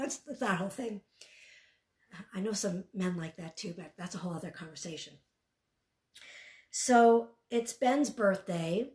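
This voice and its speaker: A woman in her forties giving a live parenting talk, telling stories and acting out what parents and kids say in a higher voice. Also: echoey room. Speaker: parenting speaker. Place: talk venue room.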